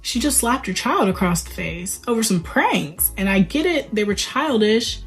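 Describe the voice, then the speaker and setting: A woman giving a casual movie commentary, retelling scenes in an animated, sarcastic way and swearing now and then. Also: mid-range voice, moderate pace, soft background music. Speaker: movie reviewer, channel host.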